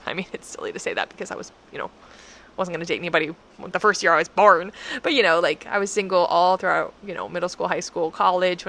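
A woman's voice: lowish voice, fairly bright tone, slight background noise. A young adult woman who reads a scripture passage aloud, then reflects on it in an earnest, rambling, chatty way with many fillers. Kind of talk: scripture reading and personal reflection.

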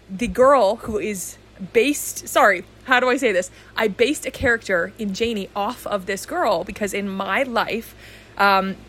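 A woman's voice: medium pitch, fairly bright tone. Upbeat woman podcast host. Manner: enthusiastic, laughing easily. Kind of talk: casual chat.

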